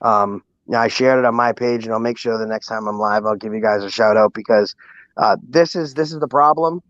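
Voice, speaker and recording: A man's voice: lowish voice, brisk, fairly bright tone, no echo, highs cut off. A man, a guest on an online chat show, joking and repeating a catchphrase, sounding exhausted.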